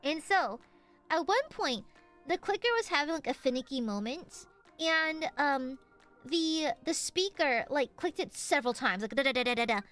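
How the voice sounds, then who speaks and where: A woman streamer chatting casually, her high voice leaping all over as she tells an animated story and swears freely. Soft music plays faintly behind her. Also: normal speed. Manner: swears casually, lots of fillers.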